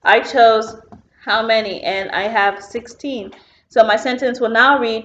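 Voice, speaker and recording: A woman teacher talks slowly and patiently through a phonics lesson, pausing with the odd filler while she works at a whiteboard. Her voice sits a little high. The sound is dull and lo-fi with a roomy echo. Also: steady tone, a bit bright. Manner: patient, explains step by step with filler words.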